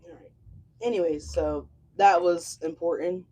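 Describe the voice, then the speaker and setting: In a low, steady, mellow voice at a measured pace, a tarot reader runs through a casual session. She keeps up a chatty, brash patter full of swearing, aimed right at her viewers.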